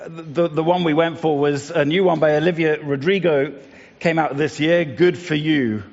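A middle-aged man giving a reflective morning devotion, in a conversational, musing way with many fillers and restarts. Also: medium pitch. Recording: dull lo-fi sound, long reverb.

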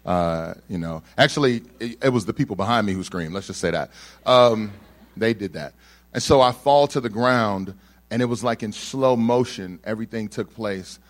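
Fairly low in pitch and at an ordinary speed, a young man tells a personal anecdote to an audience. He's an animated teller who impersonates the people involved and kids around with the crowd.

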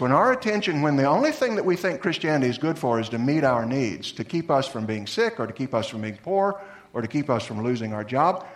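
Male pastor, mid pitch, earnest preaching voice that moves between lively emphasis and soft, low appeals. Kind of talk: sermon.

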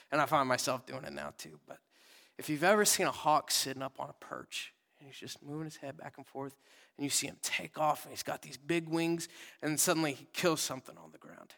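A young man preaching a sermon in casual, conversational words, swinging from loud readings to soft whispered asides. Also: mid-range voice, vocal fry, long reverb tail. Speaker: pastor. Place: church sanctuary.

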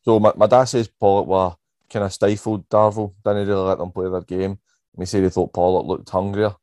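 A man's voice: deep voice, little pitch movement, brisk, warm tone, dry recording. A hungover Scottish man hosting a casual sports podcast from his bedroom, bantering and swearing. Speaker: podcast host. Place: bedroom at home. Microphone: podcast microphone.

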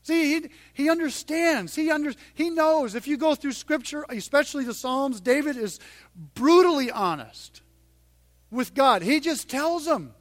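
A middle-aged man preaching a sermon in a conversational way, dropping to a hush and then rising loud and emphatic. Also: very high-pitched, expressive, unhurried, no room sound. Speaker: pastor.

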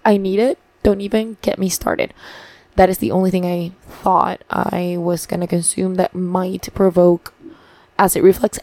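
A woman's voice: fairly low pitch, steady tone, a little slow, gravelly, a little mellow, no echo. A young woman from Paraguay talking in a casual video diary, chatty and upbeat, swearing freely. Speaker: vlogger.

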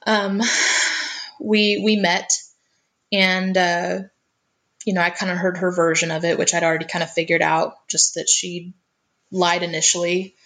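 A woman's voice: fairly low pitch, level tone, measured pace, fairly bright tone. A woman telling a personal family story in conversation, earnest and often repeating her first words as she goes.

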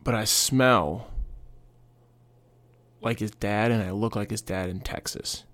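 A man's voice: fairly low pitch, slow, a bit bright, no echo. A young man hosting a casual solo podcast, rambling through stories with quoted voices and asides. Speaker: podcast host.

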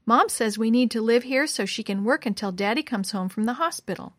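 A woman voicing a hopeful, gentle young girl in a storybook reading. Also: a little high, expressive, fairly quick, no echo, lightly acted.

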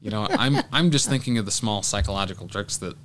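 A man co-hosting a casual podcast, speaking haltingly with many restarts and dry humor. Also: on the low side, lively intonation, fairly bright tone. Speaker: podcast co-host. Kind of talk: casual chat.

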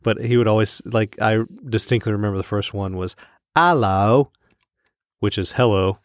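A man co-hosting a podcast in casual chat, telling stories in an animated way and laughing easily. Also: fairly low pitch, fairly quick, dry recording, studio quality. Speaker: podcast co-host.

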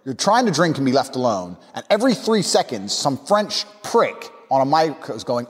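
Crude, lively storytelling man. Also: medium pitch, brisk, hardly any pauses, big-room sound. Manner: crude, blunt storytelling with lively vocal impressions. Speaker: podcast host. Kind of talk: casual anecdote.

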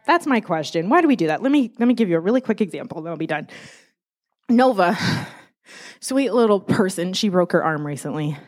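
A young adult woman giving a casual, chatty sermon. She is animated and self-deprecating, and she laughs often. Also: on the low side, fairly quick. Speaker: church speaker.

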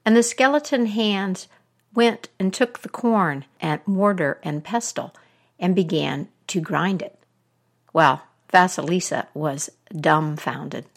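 Slow, low-voiced woman storyteller. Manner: slow, expressive and deliberate. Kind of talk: oral folktale telling.

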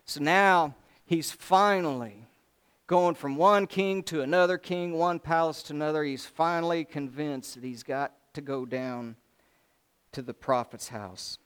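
A man preaching a sermon, telling the story in a folksy, animated way with voiced asides. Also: fairly high pitch, unhurried, clean tone.

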